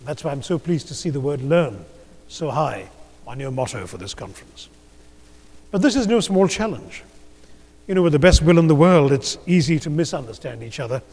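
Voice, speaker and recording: A man from India giving a measured, rhetorical conference speech with gentle humor in a large auditorium. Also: on the high side, sing-song, breathy edge. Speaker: keynote speaker. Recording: long hall reverb.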